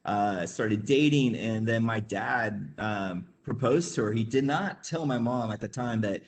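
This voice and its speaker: A man's voice: mid-range voice, measured pace. Rambling Midwestern man telling a story. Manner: rambling, laughing, many fillers; acts out quoted voices. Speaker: webinar guest. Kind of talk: casual storytelling.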